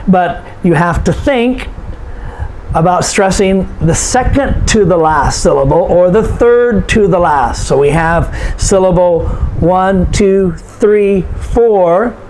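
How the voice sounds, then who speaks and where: A man teaching an English pronunciation lesson, speaking slowly and patiently and repeating words for learners to copy. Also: high voice, a little mellow, slight background noise, low-quality recording. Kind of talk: slow, deliberate lesson to learners.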